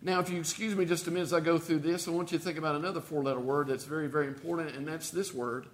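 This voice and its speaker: A man preaching a sermon, telling a story with sudden shifts between loud and quiet and repeating key phrases for emphasis. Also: a little high, steady tone, racing. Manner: storytelling with dramatic swings in loudness and pace.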